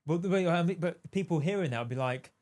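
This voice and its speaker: A man's voice: a little high, fast talker, a little mellow. A man co-hosting a podcast, bantering bluntly and swearing freely. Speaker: podcast co-host. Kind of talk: casual podcast conversation.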